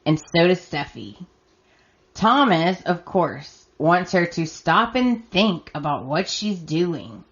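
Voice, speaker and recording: A woman hosts a podcast and recaps the week's episodes in a slow, unhurried voice pitched a little low. She talks casually and with exasperation. The recording sounds dull and lo-fi. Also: very animated. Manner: chatty and exasperated, acting out her reactions. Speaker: podcast host. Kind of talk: casual recap of a soap opera.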